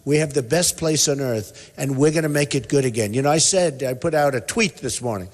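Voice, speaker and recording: A man's voice: medium pitch, fairly quick. Rambling older man in an echoey hall. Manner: rambling, emphatic, repetitive delivery. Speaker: political candidate speaking at a rally. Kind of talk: campaign rally speech. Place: hotel convention hall. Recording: echoey convention hall with long reverb.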